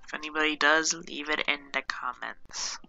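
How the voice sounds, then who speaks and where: A woman's voice: sits low, fairly even intonation, normal speed, gravelly, bright, forceful tone, lo-fi sound. A woman giving casual gameplay commentary, swearing often, exasperated and laughing at herself. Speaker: gameplay streamer.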